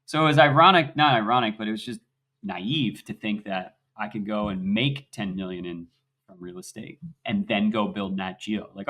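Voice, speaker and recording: A young man, a podcast guest, telling his story in an animated, swinging voice that rises loud and high as he gets excited. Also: moderate pace. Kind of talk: conversational interview.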